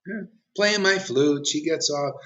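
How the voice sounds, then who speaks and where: Bright-voiced man preaching provocatively. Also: a little high, unhurried, a little hiss or hum. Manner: provocative, challenging listeners directly. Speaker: spiritual teacher. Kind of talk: impassioned sermon. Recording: dull lo-fi recording.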